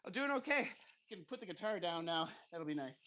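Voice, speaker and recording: A man's voice: high-pitched, sing-song, quick pace, sharp tone, dry recording, muffled recording. A middle-aged man hosting a live podcast while riding, out of breath, upbeat and chatty with lots of restarts. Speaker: podcast host. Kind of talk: live podcast on a bike trainer. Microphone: desk mic on a stand.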